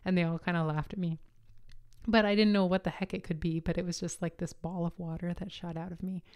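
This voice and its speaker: A woman's voice: on the low side, steady tone, a little fast, darkish tone, smooth. A young woman hosting a podcast, telling a personal story in a candid, chatty way with occasional laughter. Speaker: podcast host.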